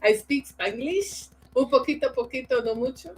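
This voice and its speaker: A woman from New York with a Bronx accent, a guest chatting in a soft, relaxed way on a livestream. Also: high voice, poor audio. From New York, family from Puerto Rico. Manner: slow, soft-spoken, relaxed. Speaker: guest commentator. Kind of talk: casual livestream chat.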